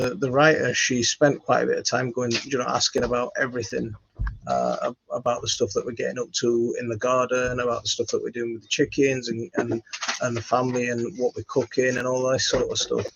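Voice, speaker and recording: Guy rambling bout his garden, gravelly voice, dull phone audio. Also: mid-range voice, flat delivery, normal speed, a little hiss or hum. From West Yorkshire, England. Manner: rambling, self-deprecating, many fillers and restarts. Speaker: gardening channel host. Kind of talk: casual chat to camera. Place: home studio, indoors.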